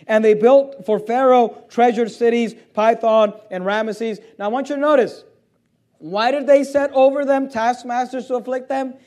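A man, a pastor, preaching an impassioned and indignant sermon in a church, reading scripture and swinging between loud outbursts and low intensity. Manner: reads scripture aloud and answers imagined questions. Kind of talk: fiery sermon. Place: church sanctuary.

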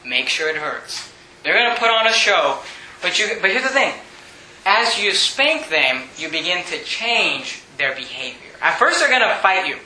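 A man preaches with a bright, sharp edge and a high pitch, repeating his points and rising into shouts. His voice rings in an echoey room with faint ambience behind it. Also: sing-song, normal speed, a little hiss or hum. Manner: emphatic, repetitive, often shouting. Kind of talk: sermon.

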